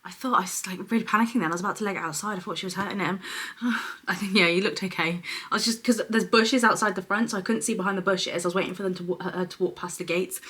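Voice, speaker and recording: A young woman talks through an unboxing in a chatty, gushing way. Her voice sits a little low but rings bright and forceful, with a husky edge. Now and then she drops to a soft hush as she shows each item. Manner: chatty and effusive, often dropping to a soft hush over products. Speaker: beauty vlogger. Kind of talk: casual unboxing chat.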